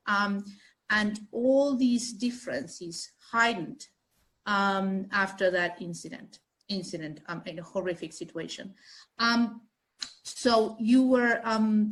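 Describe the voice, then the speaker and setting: Woman from Argentina, interview guest, reflective and halting. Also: mid-range voice, fairly bright tone, rough recording. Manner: thoughtful, hesitant, many fillers and restarts. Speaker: guest, chamber of commerce chief executive. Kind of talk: interview answers.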